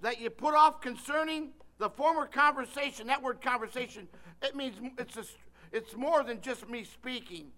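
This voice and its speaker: An older man preaching a sermon, telling a story with lively delivery and calling on listeners by name. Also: extremely high pitch, normal speed.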